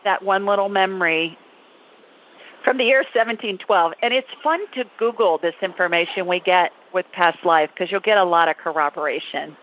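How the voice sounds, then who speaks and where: A woman's voice: fairly low pitch, moderate pace. A woman hosting a call-in psychic show, talking callers through what she does in a reassuring, chatty way. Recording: dull, dry lo-fi call audio.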